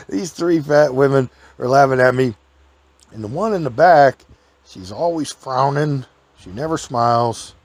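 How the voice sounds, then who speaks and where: A man hosting a storytelling podcast, telling a rambling folksy anecdote and chuckling often. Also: medium pitch.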